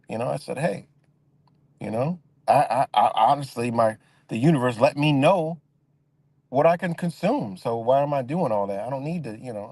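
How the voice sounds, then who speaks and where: A man talks straight into his mic on a casual livestream, rambling and swearing as he rants. His pitch sits in the middle for a man, and the sound is dry and close with no room behind it. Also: no room sound. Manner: profane, rambling, animated, mocks others in high voices. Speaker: livestream host.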